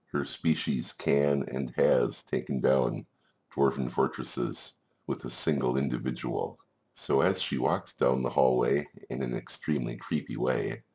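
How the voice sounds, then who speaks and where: A man's voice: very deep voice, a little mellow. A man narrating a game like a storybook, playful, with chuckling asides. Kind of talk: storybook narration over gameplay.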